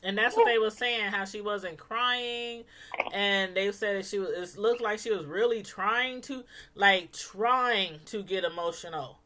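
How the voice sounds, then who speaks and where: A woman hosting a casual call-in show, talking in an animated, emphatic way and often repeating herself. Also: mid-range voice, unhurried. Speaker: host.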